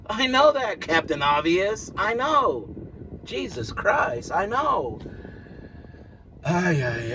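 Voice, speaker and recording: A man in his thirties rambles through a personal vlog in a fairly high voice, venting, stumbling over his words and apologizing. He talks slowly and unhurriedly. A steady noisy hum sits behind him. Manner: halting, repetitive, venting and apologetic. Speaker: vlogger.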